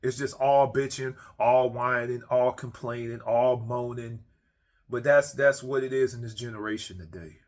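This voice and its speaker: A man's voice: medium pitch, fairly even intonation, moderate pace. A man sits in his man cave and unloads a comic, profanity-laden rant. He is blunt and repetitive, and he keeps stumbling and restarting his sentences as he goes. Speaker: ranting monologue creator.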